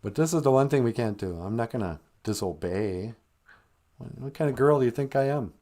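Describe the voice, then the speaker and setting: A man's voice: medium pitch, animated, fairly quick, mellow. A man doing a prim, sassy first woman. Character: prim, self-assured first woman, a good girl.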